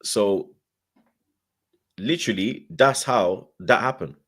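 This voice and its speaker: A man tells a story as a podcast guest, in a slangy, animated way and with many restarts. His voice sits low but has a bright, forceful edge. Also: takes it slowly, husky. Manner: animated, slangy, repeats himself. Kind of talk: casual storytelling chat.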